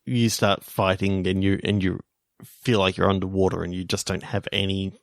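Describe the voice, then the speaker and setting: A man co-hosting a podcast in casual chat, halting and searching for his words. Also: low-pitched, level tone, gravelly, dry recording, studio quality. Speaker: podcast co-host.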